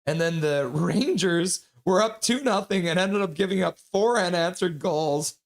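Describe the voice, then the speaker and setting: A man's voice: high voice, measured pace. Chatty man streaming hockey chat. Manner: chatty, reads chat messages aloud and laughs often. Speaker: streamer hosting a hockey watch-along. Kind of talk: casual live-stream chat reading viewer comments.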